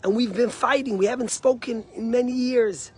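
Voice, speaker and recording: A hushed, heartfelt grown man who is overcome as he talks of his sister, as a rabbi tells it in a sermon. The voice stays high and light, close to the teller's own. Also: steady tone, moderate pace, slightly rough. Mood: moved.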